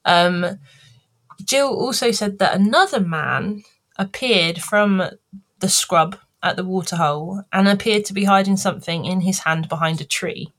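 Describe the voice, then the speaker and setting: A woman telling a true-crime story on a podcast in a chatty, animated way, acting out people as she goes. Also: mid-range voice, unhurried.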